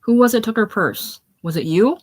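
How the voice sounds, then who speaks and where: A woman reading the lines of a proud, imperious aging male adventurer, with commanding, forceful delivery. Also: fairly high pitch, expressive, moderate pace, pitched above the performer's own voice.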